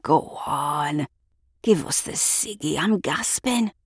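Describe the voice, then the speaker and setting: Woman doing a hoarse wheedling man. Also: low voice, animated, slow, no room sound, clean studio sound, full character voice. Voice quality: hoarse, rough. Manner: wheedling, cadging. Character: scrounging hoarse middle-aged British man, wheedling.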